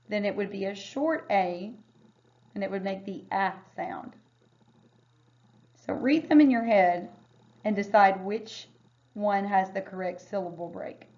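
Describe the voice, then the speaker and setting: A woman teacher leading a phonics lesson, sounding out words slowly and carefully. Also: mid-range voice, darkish tone. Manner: slow, careful word-by-word sounding out. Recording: dull lo-fi recording.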